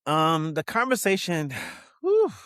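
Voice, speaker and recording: A man's voice: medium pitch, normal speed, a bit bright, dry recording, studio quality. A man speaking as an interview guest, talking candidly and reflectively with many "you know what I mean" fillers.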